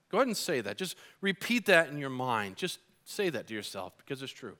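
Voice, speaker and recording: A middle-aged man preaching a sermon as pastor, earnest and animated, acting out his own frustrated outbursts when he tells stories. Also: medium pitch, a little fast, hardly any pauses.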